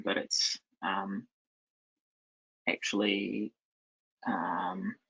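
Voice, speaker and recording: A man giving a live software demo at a conference, talking loosely with many ums and restarts. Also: fairly low pitch, breathy edge. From New Zealand. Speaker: conference presenter. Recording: dull lo-fi sound.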